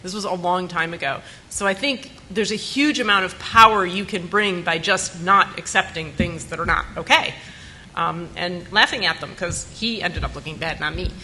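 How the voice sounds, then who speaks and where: Blunt, bright-voiced woman telling stories. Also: fairly low pitch, normal speed, slight background noise, low-quality recording. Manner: lively, blunt and animated anecdote-telling. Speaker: panelist. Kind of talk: storytelling on a conference panel. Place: conference panel room.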